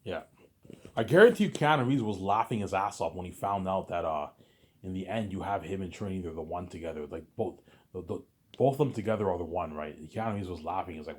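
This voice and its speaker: A man with a low, deep voice delivers a casual ranting monologue to camera. His tone is husky and a little rough, and he circles back to the same complaints, swearing as he goes. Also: fast, darkish tone. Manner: repetitive, profane ranting. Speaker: vlogger.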